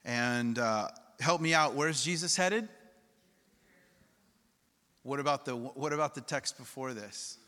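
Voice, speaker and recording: A man preaches a sermon in a casual, conversational manner, often turning questions over to the congregation. His voice is bright and forceful, with a mid pitch. The sound carries the long reverb of a church hall. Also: slow pace, long pauses. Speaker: pastor.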